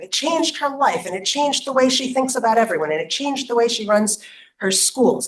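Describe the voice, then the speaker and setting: A woman giving prepared opening remarks at a conference, earnest and emphatic as she rallies her audience. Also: medium pitch. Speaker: nonprofit program leader giving opening remarks. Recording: echoey room, voice from a distance.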